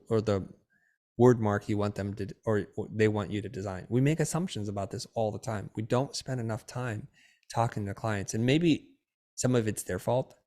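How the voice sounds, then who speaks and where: Middle-aged male guest, animated storyteller acting out dialogue. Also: lowish voice. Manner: lively storyteller who acts out quoted dialogue. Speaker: podcast guest, designer and educator.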